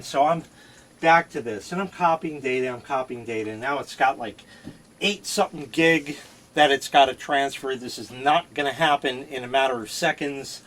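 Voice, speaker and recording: A man vlogger telling a personal story in a casual, profane way that grows animated and excited. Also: on the high side.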